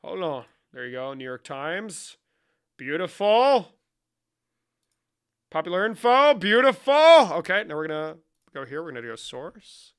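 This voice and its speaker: A man with a fairly high, gravelly voice talks through a comedic vlog. His tone is bright and forceful, and he keeps up a profane, mock-serious, rambling banter. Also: normal speed. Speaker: comedic creator. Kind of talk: comedic screen-share vlog.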